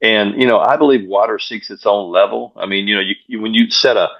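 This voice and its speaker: A man with a lowish voice tells a story as a guest on an interview show. He is energetic and often repeats words while he finds his thought. The recording sounds dull and lo-fi. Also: brisk. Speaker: guest speaker, pastor and coach.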